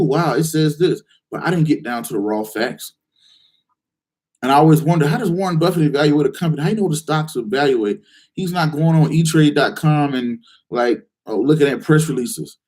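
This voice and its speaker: A man hosting a live investing call-in show, answering viewers' questions in a direct, challenging way with lots of rhetorical questions. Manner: animated, acts out excited investors in a higher voice.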